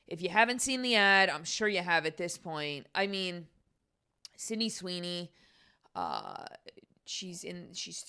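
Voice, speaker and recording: A woman's voice: mid-range voice, pushed and bright, clean tone. A young adult woman hosting her own podcast, talking in a casual, exasperated rant full of fillers and sarcasm. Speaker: podcast host.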